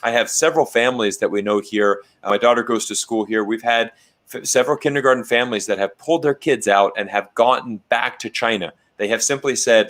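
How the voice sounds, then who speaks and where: Man on a video-call panel, casual and chatty, mid-pitched voice, many restarts. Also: brisk. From Canada. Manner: animated, with many fillers and restarts. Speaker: livestream guest.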